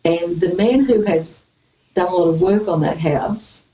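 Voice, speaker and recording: A woman's voice: on the low side, measured pace, dark tone, lo-fi sound. A woman guest telling a personal story in a casual chat. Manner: storytelling, laughs easily.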